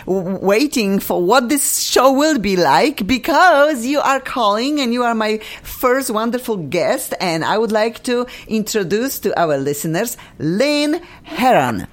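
An excitable woman hosts a radio talk show from a studio mic, her pitch leaping up and down as she talks. Her is slightly broken and her manner effusive, full of cheers and bursts of enthusiasm. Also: unhurried, hardly any pauses. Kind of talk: casual radio chat. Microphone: studio microphone.

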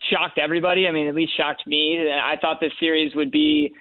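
A man calling in as a sports betting analyst, laying out his picks in a relaxed way with fillers and measured reasoning. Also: on the high side, dry recording. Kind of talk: phone-in radio sports picks. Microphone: phone line. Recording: tinny dry phone line.

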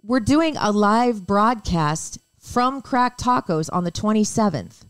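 Excitable middle-aged woman co-host. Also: mid-range voice, takes it slowly, clear, resonant tone, no echo. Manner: excitable, laughs often. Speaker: podcast co-host. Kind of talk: casual chat.

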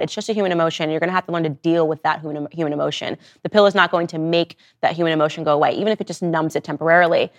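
A woman in her thirties hosting her own show, delivering a personal monologue and acting out the people she quotes. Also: fairly low pitch. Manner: animated storytelling, acting out quoted voices. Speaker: podcast host.

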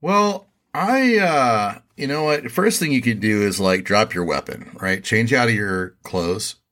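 A man co-hosting a casual podcast, giving laid-back, deadpan advice. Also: lowish voice, a little slow. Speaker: podcast co-host.

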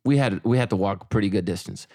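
A man's voice: fairly low pitch, fast, no room sound. Dry-sounding man telling a story. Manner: animated storyteller, quoting himself and his wife. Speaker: podcast co-host. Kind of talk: casual chat.

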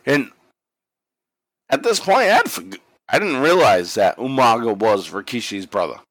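A man's voice: medium pitch, unhurried, no room sound. A man co-hosting a podcast, telling a wrestling story in casual chat, swearing freely and acting out the quotes. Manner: animated storytelling, profane, acts out quotes. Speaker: podcast co-host recapping wrestling.

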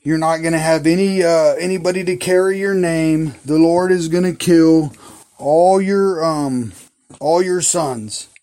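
Guy doing a cocky slangy prophet man, kinda high voice, bible story retelling. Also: steady tone, measured pace, warm tone, lightly acted. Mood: taunting. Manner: slangy, taunting. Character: blunt prophet Elijah, brash man.

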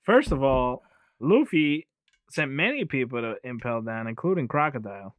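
A man's voice: mid-range voice, lively intonation, normal speed, no room sound. A man co-hosting a podcast, recapping an anime film in casual chat. He rambles, swears freely, laughs often, and skims past details with "whatever.". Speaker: podcast co-host.

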